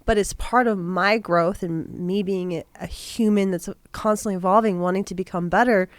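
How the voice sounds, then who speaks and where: A woman's voice: medium pitch, steady tone, normal speed, no room sound. A woman co-hosts a relationship talk show in a mid-range voice. She talks frankly and casually, with some swearing. The recording is close and dry. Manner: frank, profane, self-accountable. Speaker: podcast co-host. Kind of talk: candid casual chat.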